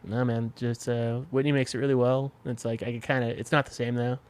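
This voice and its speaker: A man's voice: medium pitch, little pitch movement, a little fast, darkish tone. A man speaking as a podcast guest in casual conversation, candid and emotional, swearing freely and close to tears. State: tearful.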